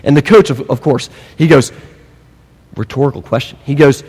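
A man preaching a sermon, emphatic and animated, with humorous asides. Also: mid-range voice, normal speed, long reverb tail, a little hiss or hum. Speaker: pastor.

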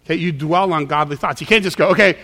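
A man delivers a sermon in a conversational way, often slipping into quick voices to act out what people say. His voice sits a little high for a man. The sound carries a long reverb from a large church hall. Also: fairly bright tone. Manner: conversational, acts out quoted voices. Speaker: pastor.

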